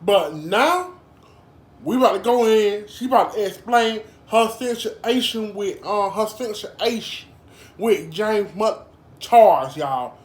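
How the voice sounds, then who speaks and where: A woman's voice: medium pitch, expressive, takes it slowly, echoey room. A woman doing casual gossip commentary, chatty and informal, calling her viewers y'all and girl. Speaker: drama commentary vlogger.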